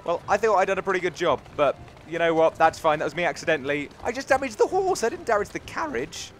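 Sing-song and fast, a young British man from England with a high voice delivers casual let's-play commentary as a gaming YouTuber. He chats and teases himself throughout, with game music in the background.

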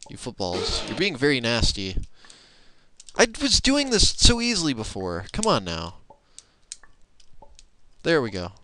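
Excitable young man swearing at a game. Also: mid-range voice, measured pace, pauses often, slight background noise. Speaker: let's play gamer. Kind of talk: casual gameplay commentary. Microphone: laptop microphone.

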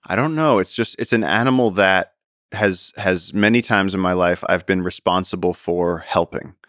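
With a deep voice at normal speed, an American podcast guest in his thirties tells animated stories in casual conversation, performing quotes and using lots of fillers. The studio-quality audio has no echo.

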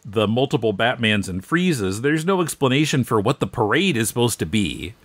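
Lively-voiced male podcast co-host, dry sound. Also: mid-range voice, moderate pace, no echo. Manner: conversational, explains details with lively inflection. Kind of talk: casual chat.

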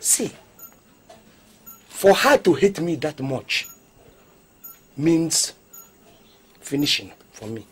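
A man's voice: on the high side, lively intonation, drawn-out words, long pauses, husky, exaggerated voice. A middle-aged man with a Nigerian accent playing a stingy, evasive father who wheedles and dodges. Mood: defensive.

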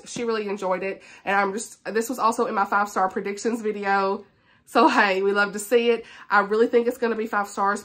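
A woman's voice: medium pitch, a bit bright. A woman, chatting enthusiastically about books to her viewers, laughing often. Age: 30s. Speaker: booktuber. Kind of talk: casual book chat to camera.

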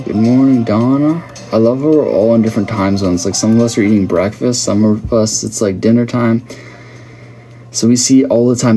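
A man hosts a casual livestream, chatting and joking with viewers as he reads their comments aloud. His voice is fairly low and dark in tone at a normal speed, with faint music behind him.

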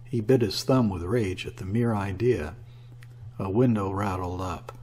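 A man narrating a classic short story as an audiobook, in a steady storytelling manner. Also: fairly low pitch, a little slow, a little hiss or hum.

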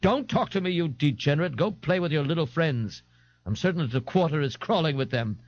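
A man's voice: a little high, expressive, brisk, no room sound, voice pushed up. A bloated, pompous crank, as a male reader puts him on scolds in a haughty, florid, raised voice and makes grand pronouncements. His lines lift and fall with lofty contempt. The recording is a dry, somewhat dull 1989 audiobook tape. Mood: contemptuous. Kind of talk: audiobook character voice.

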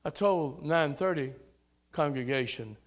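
This pastor's voice is a little high and a little slow, carrying a Southern American accent. He gives a rousing sermon in a church sanctuary, calling out to the congregation and raising his voice to shouts on key lines.

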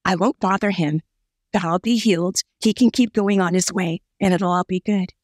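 A woman preacher voicing a desperate, ashamed woman who longs to be healed, speaking in a pleading hush. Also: lowish voice, fairly even intonation, moderate pace, no room sound, clean studio sound, voice pushed down, lightly acted.

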